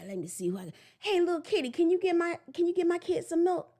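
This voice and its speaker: A woman's voice: extremely high pitch, big pitch swings, fast, warm tone, pitched above the performer's own voice. A woman voicing a female goat that bleats and coaxes a kitten for milk. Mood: coaxing.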